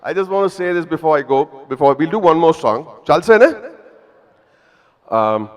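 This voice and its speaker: A man in his fifties with an Indian English accent speaks at a mid pitch, chatty and self-deprecating as he tells stories to a live audience. His voice carries a long reverb from a big event hall. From Mumbai, India. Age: 50s. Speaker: actor speaking at an evening event. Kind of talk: humorous storytelling to a live audience.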